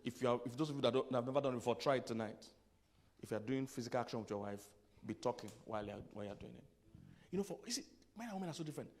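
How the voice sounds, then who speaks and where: A man's voice: mid-range voice, lively intonation, racing, a little mellow, a little hiss or hum. A man, a pastor giving a humorous sermon to men, conversational, laughing at his own punchlines and dropping to near-whispers for asides. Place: church conference hall.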